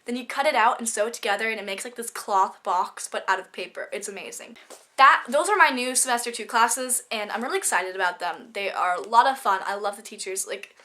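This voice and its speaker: A woman's voice: fairly high pitch, bright, forceful tone. Bubbly teen girl, stuffy with a cold. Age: teens. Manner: bubbly, gushing, rapid chatter. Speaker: student vlogger. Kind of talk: casual vlog chat.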